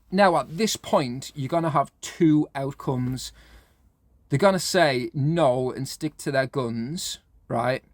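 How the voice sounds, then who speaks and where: A man's voice: fairly high pitch, no room sound. Cheeky, chatty British man. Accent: British English. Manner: cheeky, chatty, often asks "right?". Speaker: reselling vlogger. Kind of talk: casual advice talk to camera.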